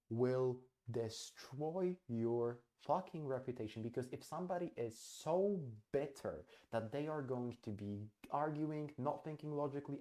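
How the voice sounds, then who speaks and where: Man, blunt business advice, swears a lot, emphatic repeats, dark mellow voice. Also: medium pitch. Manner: acts out client dialogue as he explains. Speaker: host. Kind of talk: direct-to-camera business advice.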